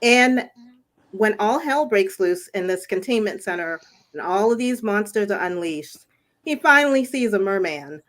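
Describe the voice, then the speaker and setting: A woman's voice: medium pitch, expressive, a little slow, a bit bright. A woman in a casual podcast chat who talks with enthusiasm and laughs often.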